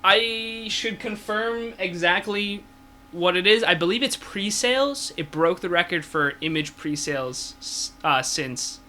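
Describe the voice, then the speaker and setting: Young male podcast host, bright tone, jokey asides, keeps the chat moving. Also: high voice, animated, slight background noise. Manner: jokey, steers the talk, quick asides. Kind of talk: casual comics podcast chat.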